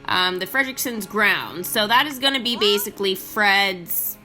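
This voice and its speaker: A young woman hosting casual commentary on a mobile game, chatty and excitable, with many ums and the odd squeal of delight. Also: medium pitch, a little slow, soft background music. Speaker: mobile game channel host.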